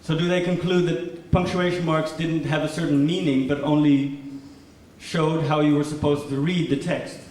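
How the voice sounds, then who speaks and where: Speaking at normal speed, a man whose voice is on the high side and a little mellow, with little pitch movement overall, gives a performative lecture composed only of questions, still rising in intonation at each. He is a performance speaker in a large lecture hall, recorded from a distance amid echo and faint noise.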